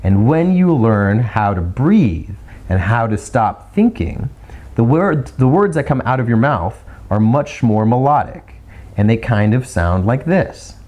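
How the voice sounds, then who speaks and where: A man hosting a video, giving casual advice on speaking clearly, chatty and full of restarts, sometimes slowing into a deliberate rhythmic delivery. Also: mid-range voice, lively intonation, a little mellow. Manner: chatty, repeats words, demonstrates slow rhythmic delivery. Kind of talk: casual teaching monologue.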